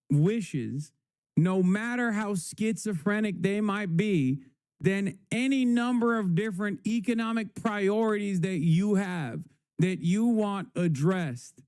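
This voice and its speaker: Male streamer, exasperated, sarcastic, swears freely; higher-set but mellow tone, dry sound. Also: takes it slowly, clean tone, dry recording. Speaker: live streamer reacting to clips. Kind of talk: casual profane commentary.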